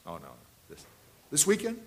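A man around seventy preaching a sermon, telling anecdotes and repeating key phrases, swinging between loud and hushed delivery. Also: fairly high pitch, huge pitch swings, moderate pace, slight background noise.

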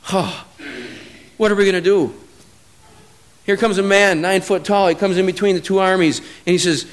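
High-voiced man preaching a storytelling sermon. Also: fairly even intonation, moderate pace, pauses often. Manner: storytelling, swings from low and quiet to loud emphatic peaks.

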